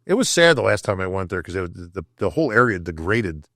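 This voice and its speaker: An older man from upstate New York, speaking low and briskly, tells casual stories as a podcast guest. He's animated, acts out quotes, and keeps dropping "bro" and "right?" The studio recording is clean, with no echo.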